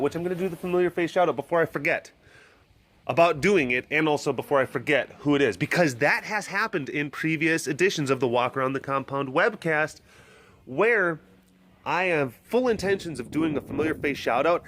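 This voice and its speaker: Playful man with a lively voice. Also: slight background noise. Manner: playful, goofy and talkative, coaxing animals in a high voice. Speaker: big cat sanctuary vlogger. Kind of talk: casual outdoor walking vlog. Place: outdoors at an animal compound.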